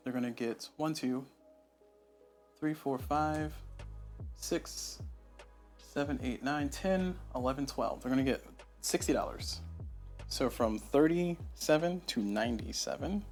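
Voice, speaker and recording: A man talks through a solo board game on a lapel mic, thinking aloud and muttering asides to himself. His voice sits at an ordinary middle pitch. Faint music plays behind him. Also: normal speed, darkish tone. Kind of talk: casual solo playthrough commentary. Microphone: lapel mic on shirt.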